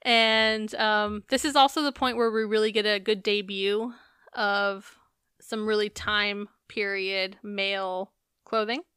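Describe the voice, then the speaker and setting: Bright, chatty woman podcast co-host. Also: mid-range voice, steady tone, takes it slowly, clear, resonant tone, dry recording, studio quality. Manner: chatty, profane, laughs while recapping. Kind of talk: casual recap chat.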